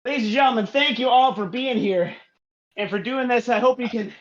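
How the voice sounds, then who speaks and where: A man's voice: extremely high pitch, fairly quick, lo-fi sound. A man hosting a casual live podcast, out of breath as he introduces guests while riding an indoor bike. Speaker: podcast host.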